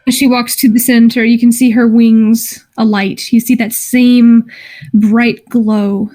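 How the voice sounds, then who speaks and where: A woman narrating a tabletop game as game master, in a descriptive, halting way with frequent restarts. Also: on the high side, level tone, dark tone.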